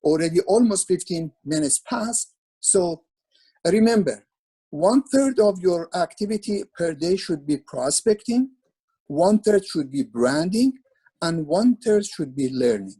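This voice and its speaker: A man's voice: sits high, lively intonation, a little slow, dark tone, breathy edge, low-quality recording. A man speaking as a webinar presenter over a video call, instructing in an earnest, repetitive way with frequent restarts.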